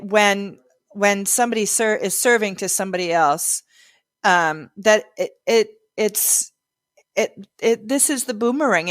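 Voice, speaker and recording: A woman's voice: mid-range voice, no room sound, studio quality. A woman hosting a podcast, speaking casually and affirming her guest often. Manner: supportive, frequent affirming backchannels. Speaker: podcast host.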